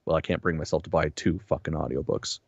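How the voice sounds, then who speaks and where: A man co-hosting a podcast in a casual, profane chat, his voice a little hoarse. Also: rumbling low, fast talker, dry recording, highs cut off. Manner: profane, animated storytelling. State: slightly hoarse. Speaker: podcast co-host.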